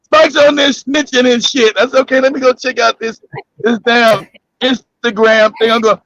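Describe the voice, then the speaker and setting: High-pitched gravelly man, laughing banter. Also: measured pace, no echo. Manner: loud, laughing, animated storytelling. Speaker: podcast host. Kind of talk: casual comedic banter. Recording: dull dry lo-fi audio.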